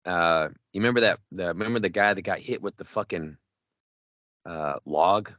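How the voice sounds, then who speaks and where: A middle-aged podcast co-host with a very deep voice rambles through a profane story, voicing what everyone said along the way. His tone is bright and forceful at normal speed, and the close mic gives dry, dull audio with no room sound.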